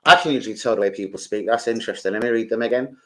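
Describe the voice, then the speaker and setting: An older man, chatting casually on a live stream, shouting out to viewers and swearing freely. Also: fairly low pitch, very fast.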